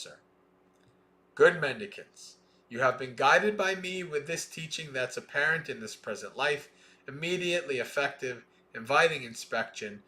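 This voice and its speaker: A man reading a Buddhist scripture aloud in a slow, measured way, with plain explaining asides between passages. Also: mid-range voice, a bit bright. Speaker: Dhamma reader.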